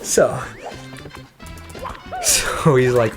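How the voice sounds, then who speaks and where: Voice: mid-range voice, lively intonation, normal speed, music in the background. A gaming co-host in casual let's-play chat, rambling and cursing while retelling a film plot. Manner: rambling, profane, retells a film with quoted voices.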